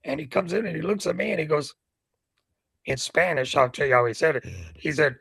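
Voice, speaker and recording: An older man from Cuba, a ring announcer, telling animated anecdotes in an interview. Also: fairly high pitch, brisk, vocal fry, pauses often, breathy edge, no echo. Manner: animated anecdotes with acted quotes. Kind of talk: storytelling in an interview.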